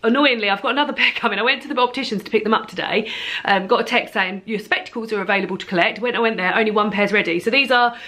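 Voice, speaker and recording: A woman's voice: mid-range voice, racing, sharp tone. A young woman chatting at home to camera about her reading plans, giggly and chatty with lots of ums and restarts. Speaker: book vlogger. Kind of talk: casual chat to camera. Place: at home indoors.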